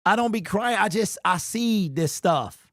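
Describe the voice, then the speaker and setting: A young guy hosts a livestream postgame fan show, chatting casually and reacting to viewers in a high, fired-up voice. The sound is dry and close with no echo, and he keeps a measured pace. Excitable and slangy, he talks straight to the chat and says "bro" constantly.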